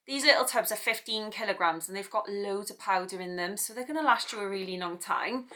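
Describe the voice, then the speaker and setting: British mum chatting through an art tutorial, bright voice, wanders off on little asides. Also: female voice, medium pitch, brisk, few pauses. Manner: chatty, self-deprecating, rambling asides. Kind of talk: casual chat to camera.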